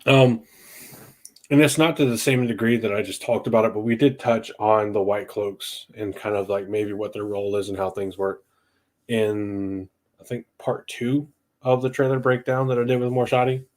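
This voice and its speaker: A young man with a fairly low voice talks through his thoughts on a casual livestream podcast. He rambles and circles back, filling pauses with ums. He grew up in the southeastern United States. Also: steady tone, a little mellow. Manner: rambling, thinks aloud with many ums. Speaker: podcast host.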